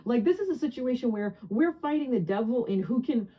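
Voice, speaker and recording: A woman of around forty from New Jersey giving a casual tarot reading to camera, chatty and excitable, often breaking into laughter and high squeals. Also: a little fast, lo-fi sound. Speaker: tarot reader.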